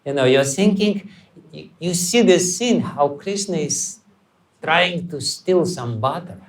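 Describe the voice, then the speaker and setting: Male spiritual teacher, unhurried delivery, slightly raised pitch, lively storytelling lecture. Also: slight background noise. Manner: animated, acts out scenes and chants. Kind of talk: lecture on scripture. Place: temple hall.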